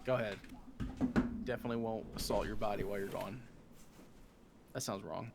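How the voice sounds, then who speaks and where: A man's voice: fairly low pitch, steady tone, brisk, vocal fry, very noisy. A man with an American accent joking and teasing while playing a co-op game on stream. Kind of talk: casual co-op gaming chat. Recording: game music underneath. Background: game music.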